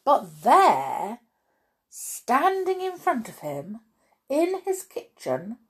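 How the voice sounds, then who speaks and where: A woman reading a children's storybook aloud with expressive, swooping emphasis. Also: medium pitch, slow pace, husky.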